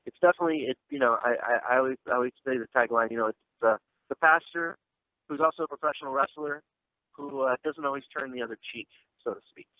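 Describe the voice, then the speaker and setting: He's an actor and filmmaker being interviewed about his film, speaking fast in a mid-range voice. The audio comes through a tinny, dry phone line, and his talk rambles casually with many fillers and restarts.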